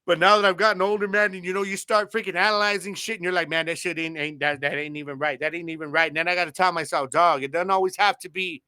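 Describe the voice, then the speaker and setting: A man's voice: high voice, bright, forceful tone, no echo. Man, thirties, podcast host, casual slangy banter, dry close sound. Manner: laid-back slangy banter, laughs often. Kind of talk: casual chat.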